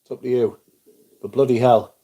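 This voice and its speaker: A man hosting a casual livestream, his voice mellow and warm rather than bright. He talks informally to his viewers, rattles off their names in greeting, and drops the odd swear word. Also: medium pitch, fairly even intonation, moderate pace, husky. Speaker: livestream host.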